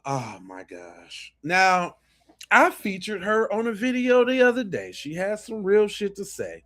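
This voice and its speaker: Animated, emphatic man reacting to clips. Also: sits high, unhurried. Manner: animated, emphatic, swears freely. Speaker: podcast host. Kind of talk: reaction commentary.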